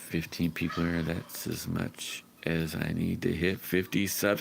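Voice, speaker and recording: A man hosts a casual livestream, reading out viewer comments in a friendly, rambling way. His voice sits very low and he talks slowly, then breaks into loud whoops when regulars arrive. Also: level tone, vocal fry, slight background noise. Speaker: livestream host.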